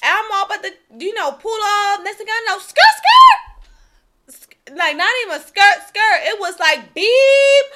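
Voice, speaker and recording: A young woman co-hosting a casual podcast, telling a story with lots of energy, acting out quotes with shouts and laughter. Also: very high-pitched, fairly quick, very noisy. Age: young adult. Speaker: podcast co-host.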